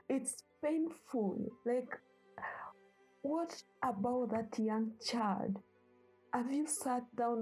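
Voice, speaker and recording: A young woman from Africa, her medium-pitched voice mellow with a breathy edge, makes an earnest personal talk on a low-quality recording. She passionately lays out her views and pleads with parents.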